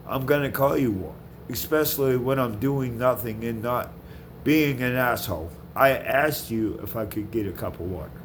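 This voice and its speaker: Brief: male vlogger, heated profane rant, mid pitch, faint background noise. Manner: heated, profane, repeats himself. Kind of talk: angry rant to camera.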